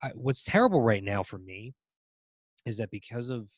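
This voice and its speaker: A man co-hosting a casual political chat, talking in halting stretches full of ums and restarts. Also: mid-range voice, very animated, dry recording, studio quality. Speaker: podcast co-host.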